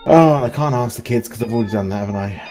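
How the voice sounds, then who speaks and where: A man's voice: mid-range voice, very fast, warm tone, faint music behind. A man answering trivia on a casual fan podcast, hesitant and thinking aloud. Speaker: podcast panelist. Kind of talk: casual group chat.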